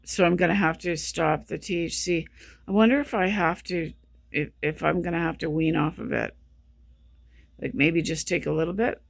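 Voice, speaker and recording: With vocal fry, a medium pitch and fairly even intonation, a vlogger talks at a moderate pace, no echo on the recording. Exhausted, lacking sleep and feeling sick, they ramble in a casual monologue, saying things twice and restarting sentences again and again.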